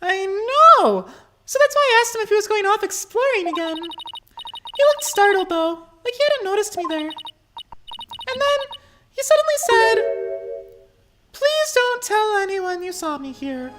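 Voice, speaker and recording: A man's falsetto as a sweet young woman. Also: big pitch swings, measured pace, pauses often, full character voice. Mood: eager. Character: sweet gentle young woman, polite and eager. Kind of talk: reading game dialogue aloud. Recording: game music playing behind. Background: game music.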